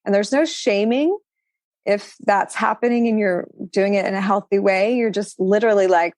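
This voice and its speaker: A woman's voice: medium pitch, normal speed, darkish tone, dry recording, clean studio sound. A woman, a podcast guest, talking in a reflective, spiritual way, her thoughts flowing with many fillers. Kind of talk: casual conversational interview.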